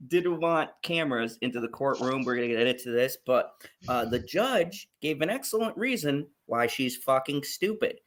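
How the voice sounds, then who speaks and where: A man with a mid-range voice hosting a casual podcast chat. He talks in a relaxed, joking way and often breaks into laughter. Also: medium pitch, moderate pace, slight background noise. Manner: laid-back, laughs often. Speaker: podcast host.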